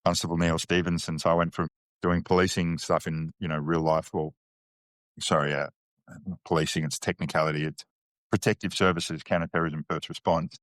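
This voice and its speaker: A man's voice: low-pitched, little pitch movement, fairly quick, a bit bright, dry recording. A man with an Australian accent, a podcast guest telling candid, slangy stories with frequent restarts. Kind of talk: casual interview chat.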